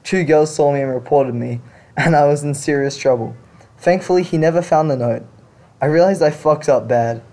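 A man with a mellow, fairly high voice speaks at normal speed as a podcast host. He reads confession stories aloud and reacts in blunt, casual language, swearing now and then.

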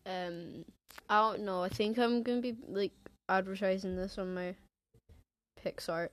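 A woman's voice: mid-range voice, steady tone, measured pace. A teenage girl with an English accent, rambling through a casual solo podcast, full of fillers and restarts. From England. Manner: rambling, filler-heavy, self-interrupting. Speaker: podcast host.

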